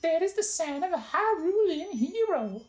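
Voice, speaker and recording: A woman voicing a timid old female nurse from a video game, in a high, slow, sweet voice. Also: very animated, a little mellow, reverberant, low-quality recording. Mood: frightened, polite.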